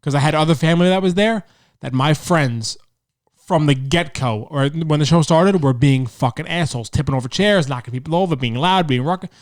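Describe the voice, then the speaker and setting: A man co-hosting a podcast, cutting in with quick jokes and telling his own stories. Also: fairly high pitch, dry recording, clean studio sound. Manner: wisecracking, jumps in with jokes. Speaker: podcast co-host. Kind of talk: casual chat.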